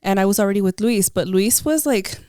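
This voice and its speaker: A woman's voice: medium pitch, lively intonation, fairly quick, dark tone, no room sound, clean studio sound. Chatty young woman telling a story. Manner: chatty, lots of likes, laughs as she tells a story. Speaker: podcast co-host. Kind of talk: casual chat, storytelling.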